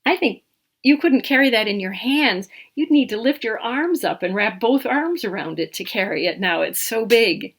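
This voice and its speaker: A woman reading a picture book aloud to small children in an animated, interactive way. She asks questions, points out details and counts along with them. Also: on the high side, normal speed, slightly rough. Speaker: storytime reader.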